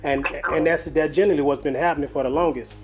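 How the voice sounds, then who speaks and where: A man's voice: on the high side, steady tone, quick pace. Emphatic man hosting a call. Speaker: channel host. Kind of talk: casual call recording.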